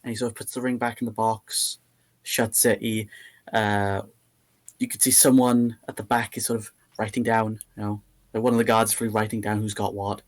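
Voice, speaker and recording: A man narrating as game master of a tabletop game in a relaxed, rambling way. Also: fairly low pitch, normal speed.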